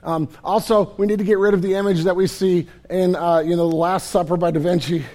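A male pastor delivering a sermon with a high-pitched, warm, relaxed voice. He talks in a casual, conversational way and retells the story vividly for his church. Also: brisk.

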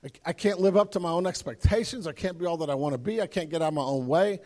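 In a large hall, a pastor with a mellow voice on the high side preaches fast into a handheld or stage microphone. He's earnest and emphatic, frequently repeating words as the sermon builds.

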